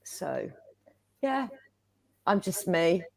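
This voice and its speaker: A woman from the UK, a holistic therapist, introducing herself hesitantly with many pauses. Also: lowish voice, big pitch swings, vocal fry, a little hiss or hum. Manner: unhurried, hesitant, many ums. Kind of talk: casual self-introduction.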